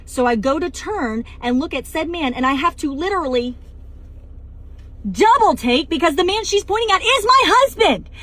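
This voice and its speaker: A woman's voice: extremely high pitch, moderate pace. A woman telling a comedic story about a dream, acting out the voices of the people in it. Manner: animated, acts out voices in her retelling.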